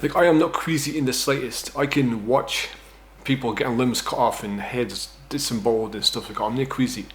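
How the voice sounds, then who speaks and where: A man's voice: medium pitch, brisk, few pauses, slight background noise. Profane, rambling Scottish man telling a story. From Scotland. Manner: rambling, profane, self-mocking, fond of "right?". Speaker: vlogger telling a personal story. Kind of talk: casual storytime monologue.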